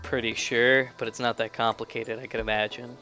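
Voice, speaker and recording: A man's voice: mid-range voice, flat delivery, a little fast, sharp tone, faint music behind. A man as game master, casually improvising and narrating a tabletop game.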